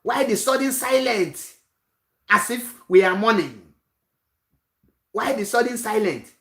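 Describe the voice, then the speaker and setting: A woman's voice: fairly high pitch, expressive, measured pace, a bit bright. Woman preaching a fired-up political speech, lots of repeated questions, roomy echo. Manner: rousing, rhetorical questions, repetitive. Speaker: activist speaker.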